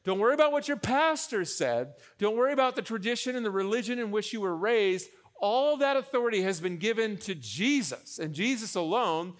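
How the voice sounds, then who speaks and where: Young pastor guy preaching, higher voice, lively, cracks little jokes and repeats himself for emphasis. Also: fairly quick, hardly any pauses. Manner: animated, joking asides, repeats phrases for emphasis. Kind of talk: sermon.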